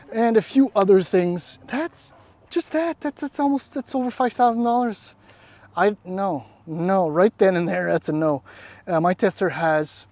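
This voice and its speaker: A man's voice: on the high side, a little mellow, no echo. A man, casually walking around and reviewing a car outdoors, rambling and wry, often trailing off. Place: outdoors beside a parked car.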